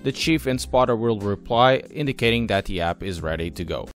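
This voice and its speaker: A man's voice: on the low side, animated, fairly quick, faint music behind. A man giving a scripted, explanatory voice-over review of a sim racing app. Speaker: sim racing channel host.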